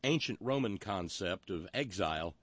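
A man's voice: deep voice, animated, moderate pace, slightly rough, no echo. A man hosting a talk show, delivering a wry, rambling monologue full of historical asides. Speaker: radio talk show host.

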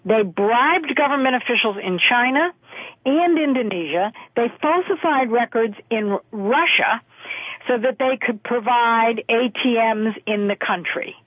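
A woman phoning into a talk radio show as a news correspondent, chatty and brisk. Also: a little high, animated, no room sound. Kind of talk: phoned-in news chat. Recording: tinny phone line.

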